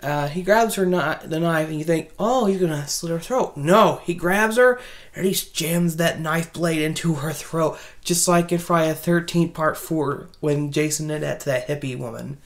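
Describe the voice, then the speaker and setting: A woman with a fairly low voice talks through a horror movie's plot in a loose, chatty way. She restarts her sentences, corrects herself and adds side comments as she goes. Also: normal speed. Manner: rambling, chatty, many restarts and fillers. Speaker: movie reviewer. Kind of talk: casual spoken movie recap.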